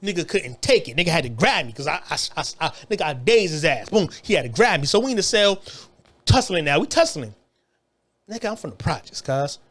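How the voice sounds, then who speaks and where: A man in his thirties with a fairly high voice tells a story at a brisk clip, casual and profane, animated, repeating himself and restarting often.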